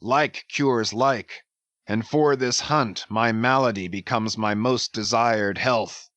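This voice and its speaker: A man's voice: mid-range voice, slow, fairly bright tone, dry recording. A man playing a grim, obsessed old one-legged sea captain, speaking sternly in archaic words. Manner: solemn, stern, archaic speech. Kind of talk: dramatic audiobook reading.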